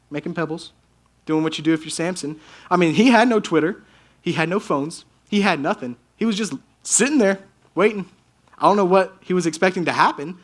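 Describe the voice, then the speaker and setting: A young man with a notably high voice delivers a relaxed youth sermon. He tells the story in an animated, joking way, slipping into slang and quick character voices. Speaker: youth speaker.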